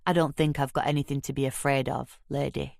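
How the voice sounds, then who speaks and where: A woman voicing a lanky, wary male pool hustler with a Caribbean accent and a slow, laconic, streetwise manner. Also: very deep voice, little pitch movement, creaky, a little mellow, no room sound, studio quality. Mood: guarded, laconic.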